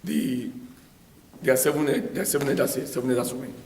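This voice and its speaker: A middle-aged man with a Nigerian accent teaching the Bible in a church, talking haltingly with many repeated words. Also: medium pitch, darkish tone. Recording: very echoey room, faint noise.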